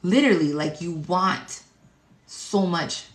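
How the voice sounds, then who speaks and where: Low-voiced cursing woman tarot reader. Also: slow, background noise. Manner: blunt, heavy cursing, rambling with many fillers. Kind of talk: casual spiritual monologue. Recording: echoey room.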